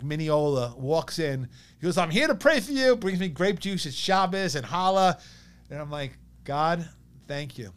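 As a podcast guest, a man in his thirties with a New York accent tells a personal story with real animation, acting out what other people said in lively bursts. His voice is a little high, clear and resonant.

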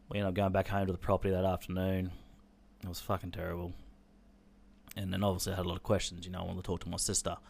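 A man, telling a painful personal story on a podcast in a halting, sombre way, with swearing. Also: low-pitched. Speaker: podcast host.

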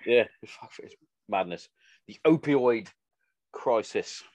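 A man's voice: mid-range voice, slow, no room sound. A man chatting casually, swearing often and acting out the stories he tells. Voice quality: sweary, animated storytelling. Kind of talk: casual chat.

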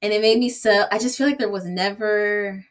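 A woman's voice: mid-range voice, fairly even intonation, fairly quick. A young woman chatting casually about a book, acting out her own reactions in quoted asides. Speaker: book discussion guest.

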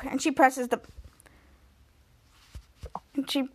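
A woman hosting a podcast, retelling a TV episode in a rambling, excited way and acting out the characters' lines. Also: sits high, slow, long pauses. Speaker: podcast host. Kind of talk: casual episode recap.

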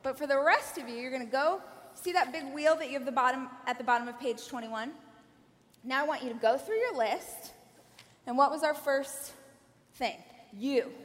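A woman in her thirties giving an energetic conference keynote, coaching the audience with direct questions. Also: high voice. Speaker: keynote speaker. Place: large conference hall. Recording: reverberant hall.

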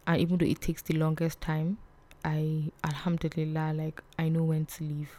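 A young woman, telling a personal story on her vlog in a soft, hesitant way that often drops to a whisper. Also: sits low, completely flat delivery, normal speed. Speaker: vlog host.

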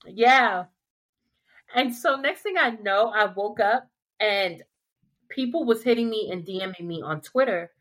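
A woman hosting a relaxed podcast conversation at an ordinary mid pitch. She tells her stories with energy and slips into playful put-on voices when she quotes people. The talk is loose and conversational. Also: measured pace. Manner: animated storytelling, acts out quotes in playful voices. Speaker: podcast host. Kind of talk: casual chat.

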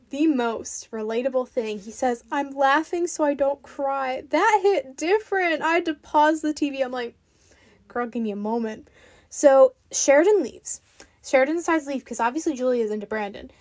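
Woman, high voice, casual TV recap, chatty, opinionated, says "like" constantly. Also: darkish tone. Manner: chatty and opinionated, heavy use of "like". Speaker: reality TV recapper.

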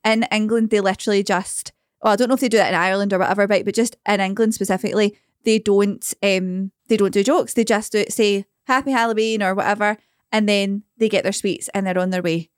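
A woman's voice: mid-range voice, fairly even intonation, fast, smooth, no room sound, clean studio sound. A Scottish woman in her thirties, co-hosting a podcast and explaining things through anecdotes in casual chat. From Scotland. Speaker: podcast co-host.

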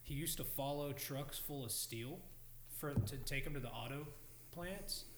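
A man's voice: mid-range voice, unhurried, echoey room, noisy background. A man telling anecdotes in casual podcast chat, swearing and laughing as he acts out quotes. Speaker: podcast guest, barber.

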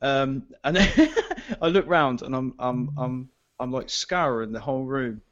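A man's voice: medium pitch, a little slow. A British man telling a drunken night-out story in casual, swearing chat, often laughing. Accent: British English. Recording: dull lo-fi audio.

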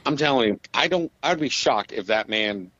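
A man's voice: medium pitch, expressive, normal speed, a bit bright. A man joins a sports podcast as a guest and talks easily, agreeing often and filling gaps with small words. His voice comes through a dull, lo-fi line with the top end cut off. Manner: easygoing, agreeable, lots of fillers. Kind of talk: casual sports podcast chat.

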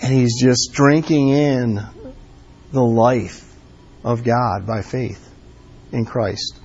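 A man preaching a casual, conversational sermon, filling his talk with "like" and "um" and pressing his points with warm emphasis. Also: mid-range voice, steady tone, very slow, slight background noise. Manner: conversational, many fillers like "like" and "um". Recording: dull lo-fi sound.

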